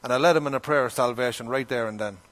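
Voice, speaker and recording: Speaking rapid-fire in a medium-pitched, fairly bright voice, a middle-aged pastor from Ireland preaches a story-driven sermon. He chats his way through the tales and gives quoted people their own voices.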